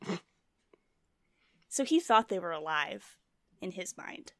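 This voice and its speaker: A woman's voice: lowish voice, expressive, slow pace, a bit bright, no room sound, clean studio sound. A woman co-hosting a casual true-crime chat, telling the story with many fillers and asides. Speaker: podcast co-host.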